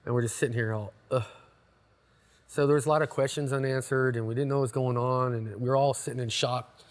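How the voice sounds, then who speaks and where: An American man in a band, talking in a lively way and often mimicking his bandmates during a casual interview. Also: mid-range voice, fast. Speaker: band member.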